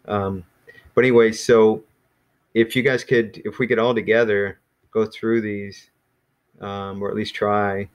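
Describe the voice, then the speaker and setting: A man teaching an online language class in a relaxed, rambling way with many fillers, speaking over a video call. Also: fairly low pitch, measured pace, long pauses. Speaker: Greek teacher.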